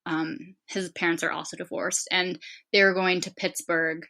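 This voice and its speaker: Bright-voiced young woman telling a story. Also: fairly low pitch, flat delivery, moderate pace, vocal fry. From San Diego, California. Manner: chatty, heavy on filler "like". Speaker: podcast guest. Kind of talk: casual storytelling.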